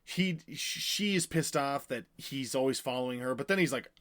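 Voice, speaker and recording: A man co-hosting a podcast, recapping a novel in a rambling, animated way, with many fillers and acted-out quotes. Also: medium pitch, moderate pace. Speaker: podcast co-host recapping a book. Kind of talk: casual chat.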